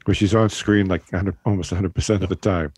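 A man's voice: sits low, fairly even intonation, fast talker, a little mellow, a little hiss or hum. A man from the Boston area giving blunt, opinionated takes in a casual group chat.

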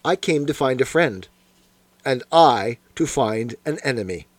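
A man reading aloud and voicing a sharp, masterful detective who speaks in a crisp, precise, commanding manner. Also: medium pitch, animated, measured pace, no echo. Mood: brisk. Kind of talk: audiobook character voice.

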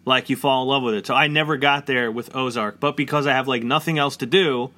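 A man's voice: mid-range voice, fairly even intonation, fast, bright, forceful tone. A man around forty chatting casually and rambling, with lots of "like" fillers. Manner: rambling, heavy use of "like" fillers. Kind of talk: casual chat.

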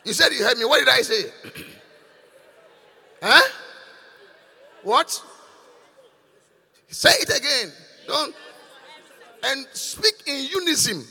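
An older man preaches in a high, sharp, husky voice. He scolds and quizzes his congregation in call-and-response. His words ring out through the long reverb of a large church hall. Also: expressive, slow, pauses often, a faint crowd. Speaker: bishop preaching.

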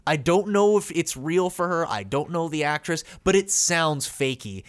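A man co-hosting a podcast in casual, animated chat, swearing and laughing often. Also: on the high side, normal speed. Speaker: podcast co-host.

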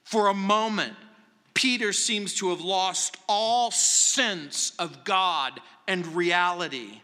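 A man preaching a sermon as pastor, emphatic and dropping to hushed tones at times. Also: sits high, slow pace, big-room sound.

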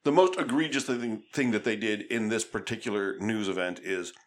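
A man co-hosting a casual political chat, talking in a measured, wry way. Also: on the low side.

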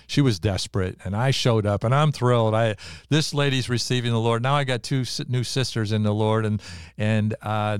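Low-voiced older man pastor telling a story. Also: no room sound, clean studio sound. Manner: animated, acts out quoted voices. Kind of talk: storytelling testimony.

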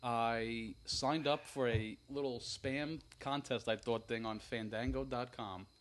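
A man's voice: medium pitch, steady tone, a little slow. Nasal, rambling guy telling a story. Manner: rambling storyteller, laughs often. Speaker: podcast co-host. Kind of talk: casual banter.

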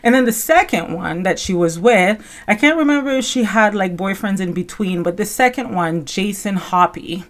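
A woman's voice: mid-range voice, animated, moderate pace, few pauses. A woman hosting a podcast, giving rambling casual commentary full of fillers and self-corrections. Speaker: podcast host.

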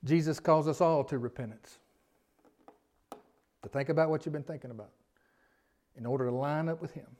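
Folksy pastor preaching a sermon. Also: male voice, fairly high pitch, normal speed, pauses often, darkish tone. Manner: folksy, chuckles often, asks the congregation questions. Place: church sanctuary.

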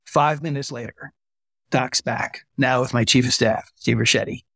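Gravelly-voiced man telling stories. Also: mid-range voice, normal speed, dry recording, studio quality. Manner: animated storyteller, acts out quoted voices. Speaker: guest, retired army physician. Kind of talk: conversational storytelling interview.

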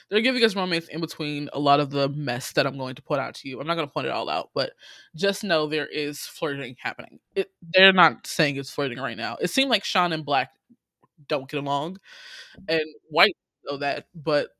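A woman in casual chat, excitedly recapping a drama episode, quoting the characters and swearing freely as she laughs. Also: low-pitched, brisk, no echo, studio quality. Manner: animated storytelling, quotes characters, laughs often, swears freely. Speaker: podcast co-host recapping a drama.

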